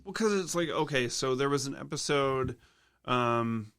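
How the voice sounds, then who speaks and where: A man co-hosting a podcast, talking casually in halting, hedging sentences full of fillers. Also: mid-range voice, expressive, a bit bright, clear, resonant tone, no echo, clean studio sound. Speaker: podcast co-host. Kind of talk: casual chat.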